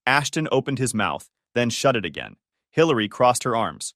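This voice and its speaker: Guy reading a dramatic story out loud, voice moves around a lot, dry close mic. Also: medium pitch, moderate pace, no room sound. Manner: expressive storytelling, shifting tone with the drama. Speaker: narrator. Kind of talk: scripted first-person story narration.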